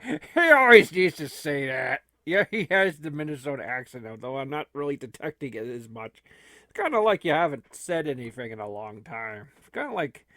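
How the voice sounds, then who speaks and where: A man's voice: fairly high pitch, big pitch swings, moderate pace, sharp tone, dry recording, studio quality, exaggerated voice. A man doing a teasing sidekick host. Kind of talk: comic improvised role-play.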